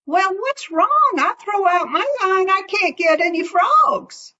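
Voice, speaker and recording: A woman's voice: very high voice, animated, slow, pushed and bright, pitched above the performer's own voice, exaggerated voice. A woman voicing a hapless, greedy male raccoon with a whiny folksy drawl, on a dull lo-fi recording. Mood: complaining.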